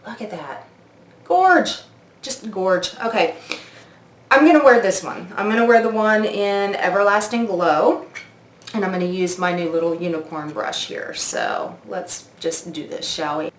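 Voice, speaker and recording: A woman's voice: medium pitch, big pitch swings, a little slow, reverberant. A woman in her forties doing a makeup review vlog, gushing and oohing as she tries products at her mirror. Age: 40s. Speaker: beauty vlogger.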